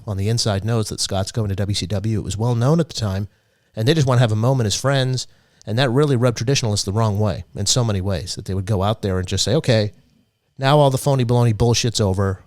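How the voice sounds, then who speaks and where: In studio-quality sound with no echo, a man with a lowish, darkish voice co-hosts a podcast. His commentary explains the history at length, and he restarts his sentences often.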